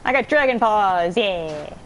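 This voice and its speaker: A woman giving let's play commentary, excitable and giggly, swearing freely and chatting to her viewers and to enemies on screen. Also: mid-range voice, unhurried, a little hiss or hum, rough recording. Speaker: gamer streamer.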